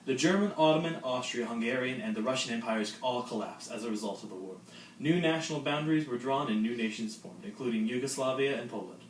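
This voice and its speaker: A man's voice: mid-range voice, quick pace. A teenage boy narrating a school history project with dry, joking asides. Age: late teens. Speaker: student presenter. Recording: roomy, distant mic, faint noise.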